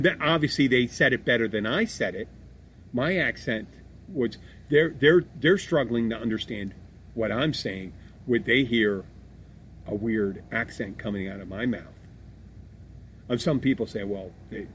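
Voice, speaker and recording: A middle-aged man talks in a loose, rambling way, animated and quick to swear. His voice sits mid-range for a man. A faint hiss runs under the recording. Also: mid-range voice. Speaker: podcast co-host. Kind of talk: casual chat.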